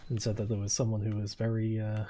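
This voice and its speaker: A soft-spoken man in his twenties, chatting casually while streaming a game. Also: monotone, quick pace, a little hiss or hum. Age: 20s. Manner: quiet, low-key and soft-spoken. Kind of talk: casual chat while gaming.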